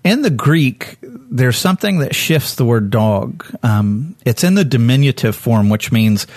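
A man teaching a Bible passage in a conversational sermon. He is candid, corrects himself as he goes, and acts out the people in the story with sudden jumps in pitch. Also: animated, a little slow, darkish tone, dry recording. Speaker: preacher.

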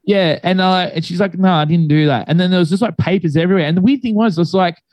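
A young man tells a spooky story to friends, rambling through fillers and swearing freely. His voice sits a little high for a man. The sound is dry and close, with no room around it. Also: fast talker, darkish tone, no room sound, poor audio. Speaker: guest telling a ghost story. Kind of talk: casual storytelling among friends.

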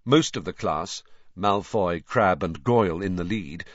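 Male reader for audiobook narration, measured and expressive, dry booth, a bit dull. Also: low-pitched, dry recording. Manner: measured storytelling. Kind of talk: scripted narration. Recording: dry, slightly dull studio recording.

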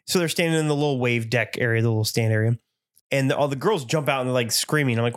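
A man's voice: mid-range voice, fast talker. A man co-hosting a casual chat show, telling stories with lots of laughter and acted-out quotes. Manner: animated storyteller, laughs often, acts out quotes. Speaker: podcast co-host.

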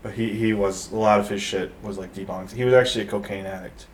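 A man in his thirties from Detroit rambles through a casual podcast chat, full of halting restarts. His voice sits low. He is picked up from a distance, with a faint hiss of noise behind him. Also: fairly even intonation. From Detroit, USA. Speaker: podcast guest. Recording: off-mic with faint background noise.

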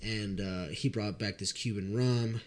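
A young man telling a drinking story in casual chat, animated and profane, often laughing. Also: lowish voice, a little slow.

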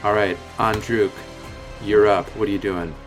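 A man's voice: lowish voice, fairly even intonation, normal speed, over music. A man running a tabletop game as game master, joking casually with the players. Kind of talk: narrating a tabletop game podcast.

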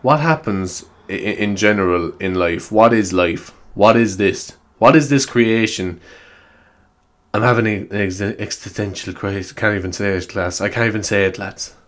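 A man's voice: on the low side, moderate pace, a bit bright, close to an everyday voice. A man playing a frazzled schoolteacher with an Irish accent who rambles through rhetorical questions. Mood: exasperated. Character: frazzled male schoolteacher in existential crisis. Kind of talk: comic sketch.

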